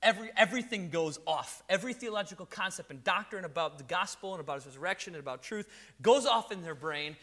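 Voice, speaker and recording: A male preacher tells his sermon in an animated, chatty storytelling manner. His voice is high for a man and very bright, and it cuts through the room. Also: fast talker. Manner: animated, conversational storytelling with acted quotes. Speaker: pastor.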